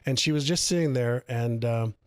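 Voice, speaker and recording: Man, interview guest, animated storyteller, repeats key phrases, dry close sound. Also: medium pitch, moderate pace, smooth, dry recording. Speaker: guest author on personal growth.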